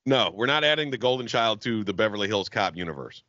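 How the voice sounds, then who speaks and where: A man's voice: on the low side, animated, fast, pushed and bright, no echo. Man, podcast co-host, from Jacksonville, emphatic profane ranting, dull dry recording. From Jacksonville, Florida. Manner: ranting, emphatic, heavy swearing. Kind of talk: casual profane podcast banter.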